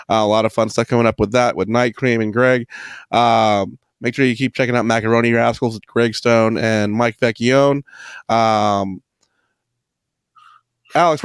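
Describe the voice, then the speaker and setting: Smooth-voiced man hosting a podcast. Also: medium pitch, no echo, studio quality. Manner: relaxed, halting with filler words. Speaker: guest podcast host. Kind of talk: casual show wrap-up.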